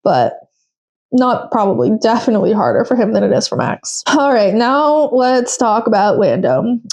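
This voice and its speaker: A young woman hosts a podcast on her own, recapping things in a chatty, opinionated way, with lots of fillers and voices she quotes. Her voice is mid-range and a little mellow.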